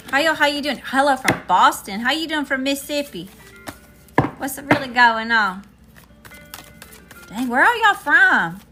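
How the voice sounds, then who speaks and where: A woman's voice: high voice, very animated, measured pace, long pauses, loud music behind the voice. A woman doing a live-stream tarot reading, chatting with viewers between cards. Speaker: tarot reader.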